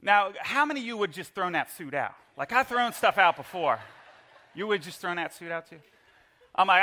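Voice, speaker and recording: A middle-aged man preaching a sermon in church, telling a lively personal story and leading the congregation in call-and-response. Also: high-pitched, normal speed. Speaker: pastor. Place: church service.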